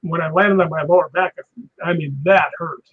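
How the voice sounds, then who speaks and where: Stunt guy guest with a high husky voice spinning animated war stories, dull lo-fi audio. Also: normal speed. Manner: animated, acts out impacts with sound words. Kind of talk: anecdotal storytelling on a live show. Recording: dull lo-fi sound.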